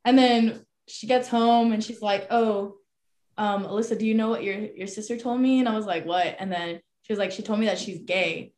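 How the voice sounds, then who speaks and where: A woman's voice: medium pitch, normal speed, a little mellow. A young woman in casual chat, blunt and slangy, laughing as she tells a family story.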